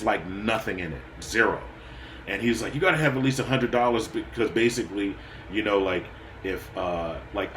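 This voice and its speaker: A man's voice: lowish voice, pushed and bright. A man vlogging to camera, venting angrily and swearing as he tells his story in rambling bursts with many restarts. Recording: echoey room with faint ambient noise.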